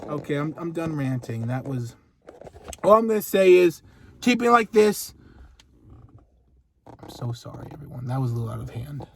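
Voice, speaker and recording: A young man co-hosting a casual movie review chat, excitable and profane, ranting with lots of swearing. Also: a little high, normal speed, gravelly, pauses often. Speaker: co-host.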